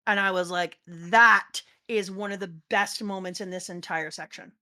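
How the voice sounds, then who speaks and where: A woman's voice: mid-range voice, fairly even intonation, moderate pace, sharp tone. A middle-aged woman co-hosting a casual chat, talking earnestly with wry emphasis. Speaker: co-host.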